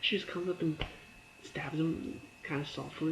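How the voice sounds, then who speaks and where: A man's voice: fairly high pitch, fairly even intonation, normal speed, vocal fry, background noise. A man casually reviewing a TV episode in a chatty way, with lots of fillers, breaking into laughs and acting out characters' lines as he retells scenes. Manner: briefly acts out characters' lines in quotes.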